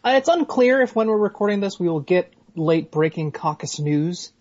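A man co-hosting a podcast over a remote call, dry and deadpan in his jokes. His voice is husky, and the line sounds dull and muffled. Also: high voice, moderate pace. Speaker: podcast co-host. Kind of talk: casual comedic podcast chat.

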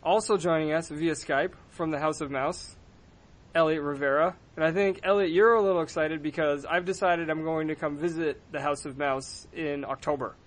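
A man hosting a podcast, telling a story in a casual, profane, animated way. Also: fairly high pitch, moderate pace. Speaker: podcast host.

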